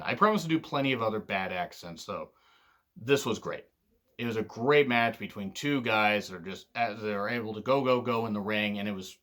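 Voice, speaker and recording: A man casually talking through his favorite wrestling matches, candid and excitable, swearing freely. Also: on the low side. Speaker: wrestling reviewer. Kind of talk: casual commentary vlog.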